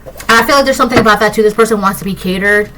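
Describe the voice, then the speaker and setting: A woman giving a casual collective tarot reading, rambling and excitable, often tagging her points with "right?". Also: medium pitch, racing, a little hiss or hum, low-quality recording. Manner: keeps asking "right?". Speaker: tarot reader.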